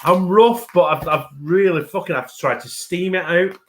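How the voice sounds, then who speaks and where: A man hosting a live stream, rambling and swearing as he tells stories and says he feels rough. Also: high-pitched, moderate pace, slight background noise. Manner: rambling, swears a lot, restarts. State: feeling rough, unwell. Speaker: stream host. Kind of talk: casual chat on a live stream.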